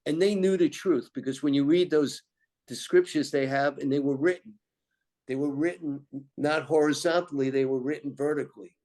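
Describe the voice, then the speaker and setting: A man telling spiritual stories in a meandering, animated way as a guest. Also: fairly high pitch, normal speed. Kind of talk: rambling spiritual storytelling.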